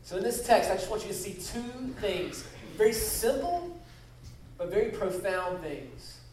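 A man's voice: high voice, sing-song, measured pace, darkish tone. A man preaching as a guest speaker, leading a prayer and stressing key phrases by repeating them. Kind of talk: sermon. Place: church sanctuary. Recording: echoey hall, voice from a distance.

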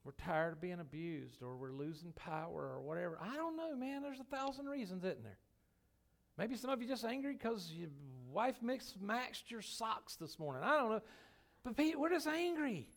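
A man's voice: sits high, very animated, moderate pace, gravelly, fairly bright tone. A man, a pastor, preaching a sermon in church in a folksy, emphatic way with many restarts. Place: church sanctuary.

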